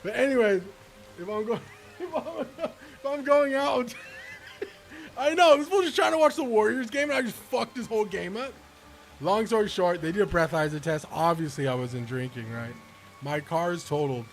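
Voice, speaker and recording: A man streaming a video game who tells stories in an animated, slangy way and laughs often. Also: sits high, normal speed, faint music behind. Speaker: gaming streamer. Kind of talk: casual storytelling while playing.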